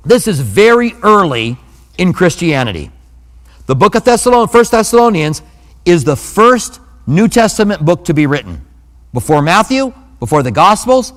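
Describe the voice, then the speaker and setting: Pastor guy giving a chatty sermon, kinda high voice, echoey sanctuary. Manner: conversational preaching with humor and asides.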